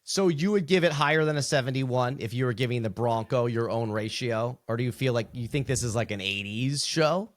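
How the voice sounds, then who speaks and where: A man co-hosting a podcast in casual chat, blunt and profane, ranting with animated energy. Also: mid-range voice, brisk, few pauses. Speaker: podcast co-host.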